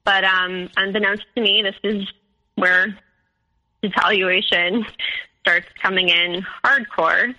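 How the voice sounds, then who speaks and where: A woman's voice: mid-range voice, fairly even intonation, slow, bright, forceful tone, low-quality recording. A young woman telling her personal story as a podcast guest, candid and full of fillers. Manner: candid storytelling with many fillers, quoting others.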